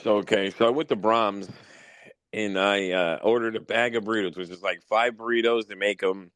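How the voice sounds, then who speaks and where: Low-voiced man swearing through casual stories. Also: fairly even intonation, moderate pace, fairly bright tone, no echo, low-quality recording. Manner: profane, storytelling, gets worked up. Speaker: podcast host. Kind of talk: casual podcast chat.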